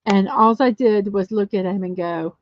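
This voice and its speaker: A woman hosting a casual livestream chat show, chatty and quick to laugh as she tells stories and answers viewer comments. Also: mid-range voice. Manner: chatty, laughs often, storytelling. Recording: dull lo-fi dry sound.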